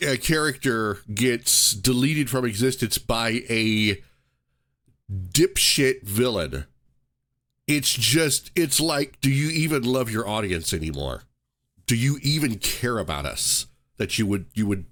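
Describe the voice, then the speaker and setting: A man hosting a casual podcast, ranting in an animated way and restarting his sentences again and again. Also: mid-range voice. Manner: animated, ranting, self-interrupting with repeated restarts. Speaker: podcast host.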